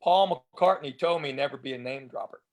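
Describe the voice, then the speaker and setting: Southern man, slightly high voice. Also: brisk, a crowd in the background. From East Tennessee, US. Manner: chatty anecdotes with restarts, enunciated drawl. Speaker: guest comedian. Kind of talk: casual storytelling interview.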